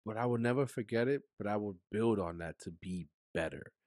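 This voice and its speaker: Male podcast guest, lowish pitch, dry close sound; candid, emotional storyteller who goes soft and quiet on hard memories, slangy. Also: a little fast, dry recording. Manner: emotional, drops to a soft low voice when recounting hard moments; casual slang-heavy speech.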